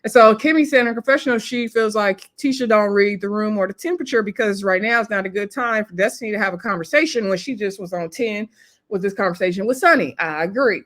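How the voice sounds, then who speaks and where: A woman's voice: medium pitch, quick pace, a bit bright. A young woman chats casually through a reality show recap. She retells the scenes by quoting each cast member and tosses in sassy asides to her viewers.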